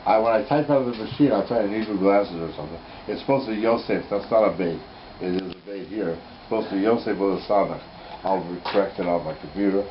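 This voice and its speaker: A man's voice: low-pitched, fast talker, slight background noise. A man teaching an informal lesson on Torah codes at home. He is enthusiastic, thinks aloud and corrects himself as he goes. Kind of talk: informal Bible code lesson. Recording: slightly muffled home recording.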